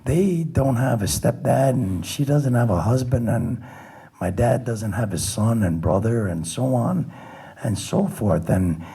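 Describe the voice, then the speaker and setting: A man's voice: medium pitch, animated, measured pace, creaky, warm tone, slightly rough. A middle-aged man, a police lieutenant, giving a plainspoken personal account with self-deprecating humor and frequent restarts. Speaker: police lieutenant recounting a shooting. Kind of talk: personal testimony talk.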